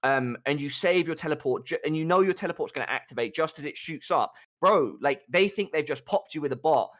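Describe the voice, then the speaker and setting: Ranting gamer guy, loud bursts. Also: animated, a little fast. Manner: swears a lot, rants with rising pitch. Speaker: guest pro player. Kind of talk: casual gaming talk show chat.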